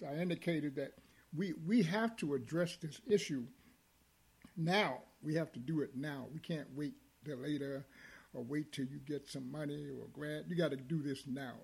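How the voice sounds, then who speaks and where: A man hosts a discussion program in a somewhat high, husky voice. He talks haltingly, stopping and restarting with frequent fillers as he gathers his thoughts. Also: darkish tone. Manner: hesitant, many fillers and restarts. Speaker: host.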